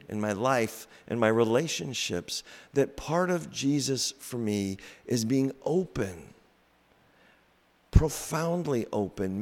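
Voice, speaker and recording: A man delivers a sermon in an unhurried, reflective way, leaving pauses between his phrases. His voice sits at an ordinary middle pitch. Long reverb trails after his words, as in a large hall. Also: darkish tone. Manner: slow, reflective preaching with pauses. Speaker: preacher.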